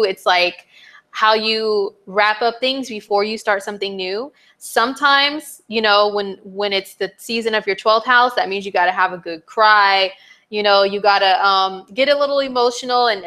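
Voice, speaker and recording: A young woman astrologer giving a casual, chatty forecast to her viewers, animated, with playful exclamations and frequent fillers. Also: medium pitch.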